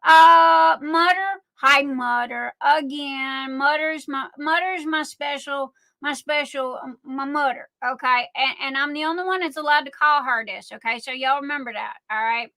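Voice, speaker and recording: A woman's voice: high-pitched, normal speed, hardly any pauses, sharp tone. A middle-aged woman with a Southern US accent, hosting a casual craft livestream and chatting in a rambling way with lots of fillers. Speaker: livestream host selling crafts. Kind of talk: casual live-stream chat.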